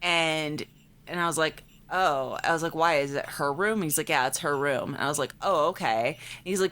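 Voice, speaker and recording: A woman's voice: low-pitched, moderate pace. A woman in her late twenties, a podcast co-host, telling a ghost story in casual chat, acting out quotes and filling with "like". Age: late 20s. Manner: animated, acts out quotes, many "like" fillers.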